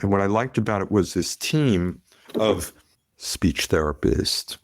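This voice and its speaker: A middle-aged man telling stories in a podcast conversation, animated, acting out quotes. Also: low voice, measured pace, no room sound. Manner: animated storyteller, acts out quotes. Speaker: podcast guest, pediatrician. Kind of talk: conversational storytelling.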